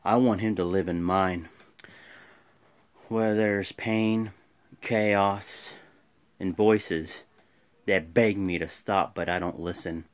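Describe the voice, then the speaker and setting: This is a brooding, menacing wrestler, delivered in a low, hushed, drawn-out murmur. A man acts him out, sinking well below his own voice. The lines come soft and slow rather than loud. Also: steady tone.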